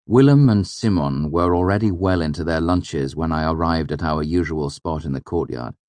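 A man narrating an audiobook in a measured storytelling voice. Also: rumbling low, darkish tone, dry recording. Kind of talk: scripted narration.

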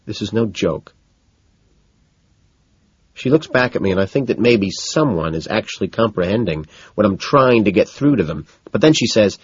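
A man narrating a first-person story in a low-key, deadpan way, heard on a slightly dull recording. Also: brisk, slightly rough, no echo.

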